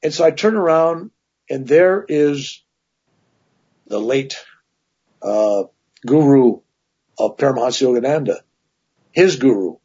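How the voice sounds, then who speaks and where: A man's voice: medium pitch, a little slow, pauses often, breathy edge, dull audio. A man telling long personal stories as a guest in a casual interview, with many asides. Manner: rambling, animated anecdotes with many "right?" asides.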